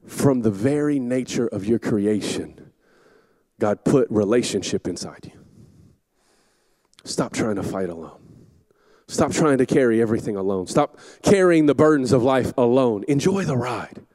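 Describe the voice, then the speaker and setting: A middle-aged man, a campus pastor, preaching a sermon in a church, telling stories with shouted asides. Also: mid-range voice, normal speed, no echo. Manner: animated storytelling with shouted asides. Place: church auditorium.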